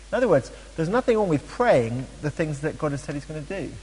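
Husky man teaching in an echoing hall. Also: a little high, fast, hardly any pauses. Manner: chatty and animated, with frequent ums and playful asides. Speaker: Bible study teacher. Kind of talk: teaching a Bible study talk.

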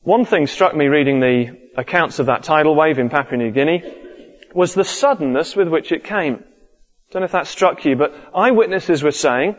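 A man's voice: fairly high pitch, expressive, normal speed. A man preaching a sermon earnestly, repeating his key points. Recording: dull lo-fi recording with long hall reverb.

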